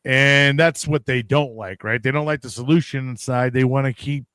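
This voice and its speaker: A man's voice: medium pitch, steady tone, normal speed, a bit bright, smooth, no echo. Rambling, swearing man on a podcast. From United States. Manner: rambling, swears freely, acts out his own reactions. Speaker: podcast co-host. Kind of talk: casual chat.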